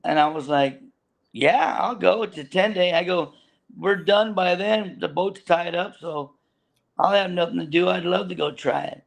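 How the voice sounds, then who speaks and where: A man's voice: sits high, moderate pace, creaky. A man telling a long, rambling story about his fishing boat days, full of restarts and laughter. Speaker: guest, veteran fishing boat deckhand. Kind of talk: casual storytelling chat.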